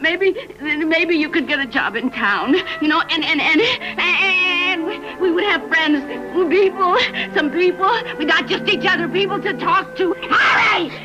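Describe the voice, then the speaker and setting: An actress playing a lonely, drunken wife who slurs and swings between sneering and sobbing, in a 1970s film drama. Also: female voice, very high voice, measured pace, few pauses, over music. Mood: pleading. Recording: dull lo-fi film soundtrack with score.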